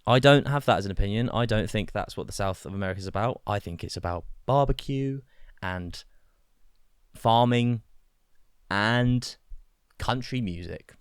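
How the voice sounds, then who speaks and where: Male podcast co-host, low smooth voice, easygoing jokey chat. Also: normal speed, no echo, studio quality. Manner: chatty, joking, slips into put-on accents. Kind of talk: casual chat.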